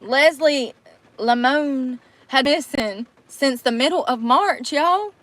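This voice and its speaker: Woman, bright tone, higher pitch, casual reaction chat, swears bluntly. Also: slow, no echo. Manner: loud laughing disbelief, blunt swearing. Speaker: streamer reacting to news.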